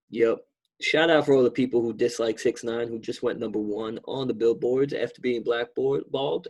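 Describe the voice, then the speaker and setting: Husky New man chatting casually. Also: medium pitch, a little mellow. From New York. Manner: laid-back, rambling, swears freely. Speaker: podcast co-host. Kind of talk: casual chat.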